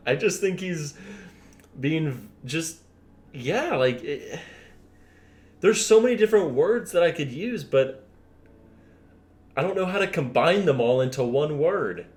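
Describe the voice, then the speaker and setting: A man's voice: on the high side, animated, takes it slowly, pauses often, a little mellow. A man reacting alongside the host in casual commentary, sarcastic and full of stammered restarts.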